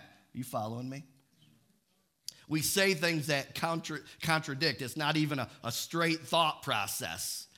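An emphatic male preacher delivering a sermon in a church. His voice sits high and swings widely in pitch. He keeps pressing his listeners for responses and builds to shouted points.

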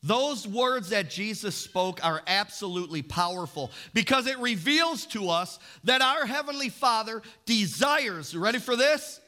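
High, bright-voiced man preaching a sermon. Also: lively intonation. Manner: call-and-response preaching, reading scripture slowly. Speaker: pastor.

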